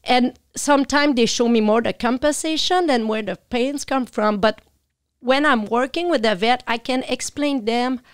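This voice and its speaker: A woman's voice: fairly high pitch, normal speed, smooth, no room sound, studio quality. Woman with a thick Quebec French accent. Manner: earnest, explains at length in non-native English. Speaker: podcast guest, animal communicator. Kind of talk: casual interview conversation.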